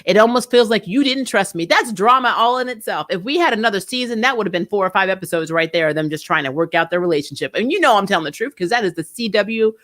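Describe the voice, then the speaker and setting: Animated sarcastic woman reviewer. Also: mid-range voice, fast talker, hardly any pauses. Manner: animated, laughs often, sarcastic asides. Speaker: TV show reviewer, channel host. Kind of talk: casual spoiler review chat.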